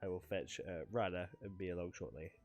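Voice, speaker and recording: Man reading as a calm female dance mentor. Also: low-pitched, brisk, pitched below the performer's own voice.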